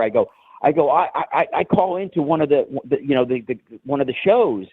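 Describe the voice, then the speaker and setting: A man from New Jersey calling in to a show, rambling and halting with many restarts. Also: medium pitch, expressive, breathy edge, no echo. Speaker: caller. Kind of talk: call-in rant. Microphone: phone. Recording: tinny phone line.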